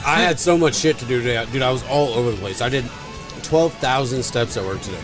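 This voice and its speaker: A man's voice: medium pitch, fast talker, over music. A man co-hosting a podcast, telling a story in a rambling, profane, punchy way. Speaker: podcast co-host. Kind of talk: casual storytelling.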